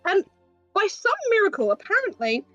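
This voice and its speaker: Casting: bright high woman running a tabletop campaign, animated pitch, dry sound. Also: moderate pace, no echo, lo-fi sound, soft background music. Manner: descriptive, storytelling. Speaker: game master. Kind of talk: narrating a tabletop game.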